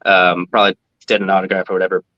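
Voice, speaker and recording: A man telling a story on a podcast in a casual, animated way. He swears freely, laughs often and jumps up in pitch when he quotes people. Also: racing, muffled recording. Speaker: podcast guest, former team mascot.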